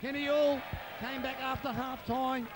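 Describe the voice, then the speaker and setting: A hoarse Australian man commentating excitedly outdoors at a football ground, calling out players' nicknames for a home video. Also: very high-pitched, moderate pace, over a noisy crowd. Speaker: club supporter narrating home video.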